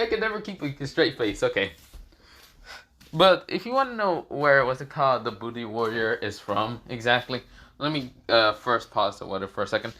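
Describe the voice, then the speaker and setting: Young male storyteller, casual and rambling, bright tone. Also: medium pitch. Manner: rambling, with many fillers. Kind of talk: casual fan story narration.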